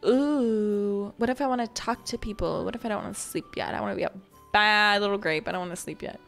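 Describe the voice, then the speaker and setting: A woman's voice: a little fast, gravelly, fairly bright tone. A woman playfully commenting while she plays a cozy game, jokey and chatty. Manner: playful, jokey, high squeals when surprised. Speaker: gaming video host. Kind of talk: casual game playthrough commentary. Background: faint game music.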